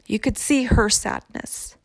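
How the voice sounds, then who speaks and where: Woman, higher voice, slow reflective storytelling, dry close sound. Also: big pitch swings, creaky, breathy edge, no room sound. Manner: unhurried, reflective, heavy use of "like". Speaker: storyteller sharing her own experience. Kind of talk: casual personal storytelling.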